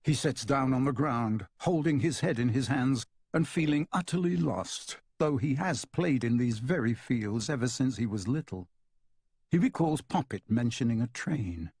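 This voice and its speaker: Husky, dry-voiced male narrator. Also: mid-range voice, animated, normal speed, a little mellow, no echo. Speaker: audiobook narrator. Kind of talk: scripted narration.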